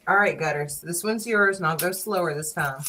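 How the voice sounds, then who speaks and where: Playful Southern woman streamer, fairly low voice. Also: pushed and bright, slight background noise, poor audio. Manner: playful, teasing, quick to laugh. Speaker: live-stream host. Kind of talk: casual live-stream chat. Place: small studio.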